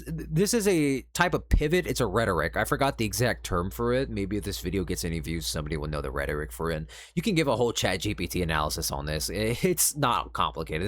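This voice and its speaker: A man's voice: deep voice, fairly bright tone, no room sound. A male streamer giving casual commentary on an online argument and reading out the messages. He sounds sarcastic and lecturing, with exasperated sighs.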